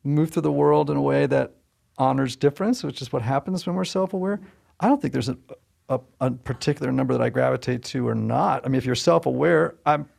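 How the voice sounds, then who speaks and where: A man co-hosting a relaxed podcast conversation, his voice full of gravelly fry at a middling pitch. He talks in a thoughtful, rambling way, padding his points with "you know." He is from Southern Connecticut. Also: fairly quick. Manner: thoughtful, chatty, many "you know" fillers. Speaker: podcast co-host. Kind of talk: casual podcast chat.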